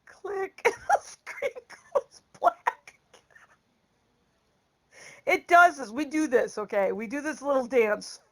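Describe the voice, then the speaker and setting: A woman vlogger telling a casual story, laughing often and acting out the lines she quotes. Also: on the high side.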